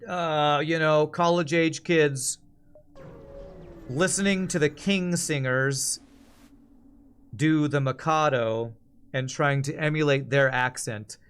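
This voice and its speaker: A man's voice: fairly high pitch, slow pace, long pauses, a bit bright, clear, resonant tone. A man in his forties with an American accent, rambling through casual game commentary and reading out chat. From Texas, USA. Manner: chatty, rambling, reads chat aloud. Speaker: game streamer. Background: faint game music.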